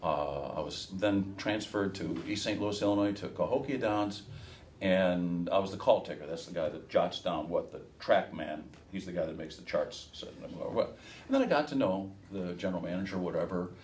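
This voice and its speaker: Man, Midwest accent, nasal, low-pitched, rambling with fillers, middle-aged, slight noise behind. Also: normal speed. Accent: softened Midwest American. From Chicago, USA. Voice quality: flat nasal tone. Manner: rambling, with many fillers and restarts. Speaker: race caller giving a workshop. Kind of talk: casual talk to a workshop audience.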